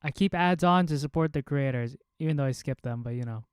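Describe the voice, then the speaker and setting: Young male streamer, chatty and rambling reaction banter, smooth voice, dead-dry close mic. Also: fairly high pitch, a little fast, no echo. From America. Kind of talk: casual live reaction chat.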